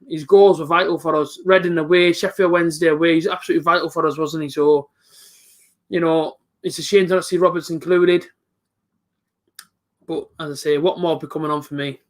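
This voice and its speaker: A man's voice: sits high, fairly bright tone. A young man giving live reaction commentary on a football match, chatty and openly frustrated. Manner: chatty, frustrated, talks back to off-mic friend. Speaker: football fan streamer.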